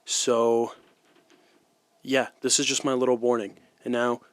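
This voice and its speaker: A man's voice: medium pitch, level tone, a little slow, clear, resonant tone. A sick young man with sniffles hosting a rambling solo podcast from a basement, loopy and self-deprecating. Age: young adult. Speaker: podcast host. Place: rented house basement.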